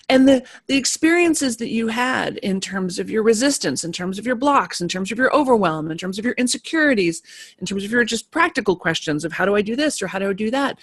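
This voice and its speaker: A woman giving a live motivational talk to an online group of creative people, emphatic and animated, repeating key phrases. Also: on the high side, breathy edge.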